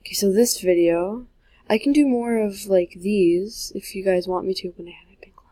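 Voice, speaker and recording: A woman's voice: mid-range voice, moderate pace, warm tone, dry recording, low-quality recording. A woman rambling through casual gameplay commentary into a handheld mic as she types and plays, often trailing off and joking at her own expense. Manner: rambling and self-mocking, trailing off; talking while typing and playing. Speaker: gaming vlogger. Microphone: handheld microphone.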